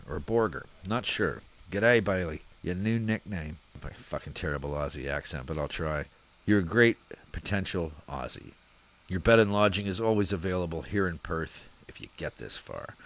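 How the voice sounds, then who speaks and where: Deep-voiced man reading comments. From Canada. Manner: relaxed, chuckling, swears freely. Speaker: channel host reading viewer comments. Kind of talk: casual chat.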